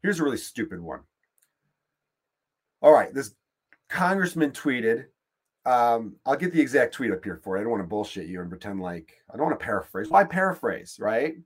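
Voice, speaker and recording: Animated, husky-voiced man ranting. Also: mid-range voice, moderate pace. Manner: crude, animated ranting with swearing. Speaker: podcast host. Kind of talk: casual solo podcast monologue.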